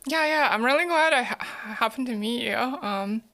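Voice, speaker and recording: A woman's voice: a little high, normal speed, bright, forceful tone. A woman streamer chatting casually with her viewers, giggling often and repeating words as she thinks. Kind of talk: casual live-stream chat.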